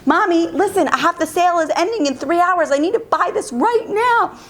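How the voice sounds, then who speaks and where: A woman's voice: high-pitched, level tone, brisk, pitched above the performer's own voice, natural voice. A woman doing a pushy teenage girl. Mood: insistent. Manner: insistent, pleading. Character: pushy teenage girl eager about a sale.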